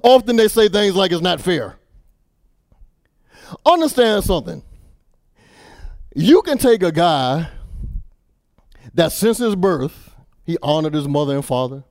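A male preacher delivering an impassioned sermon, repeating words as he builds, falling to a hush and then rising to shouts. His voice is high for a man and sounds close and dry. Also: animated, unhurried, pauses often, no room sound.

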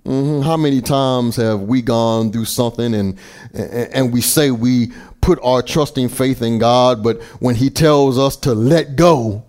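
A man preaching a sermon, deliberate and emphatic, with occasional small stammers and restarts. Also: mid-range voice, darkish tone.

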